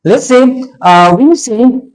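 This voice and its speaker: An English pronunciation teacher giving an explanatory lesson, talking deliberately, repeating points and pausing often on "uh". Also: medium pitch, expressive, rough recording.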